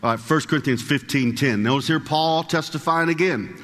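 A man preaching a sermon in a conversational way, asking the congregation questions and reading scripture aloud slowly. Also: a little high, fairly bright tone, big-room sound.

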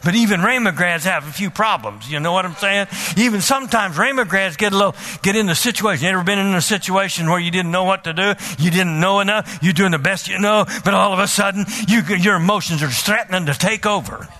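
A man preaching a sermon and telling a personal story. He is animated, repeats words, and bursts into loud pleading. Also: high voice, fast, hardly any pauses.

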